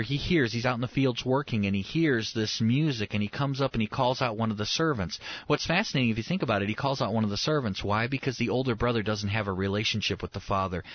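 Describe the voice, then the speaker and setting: A man preaching a sermon. He acts out the lines of the figures in the story with lively energy. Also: medium pitch, no room sound, dull audio. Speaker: pastor.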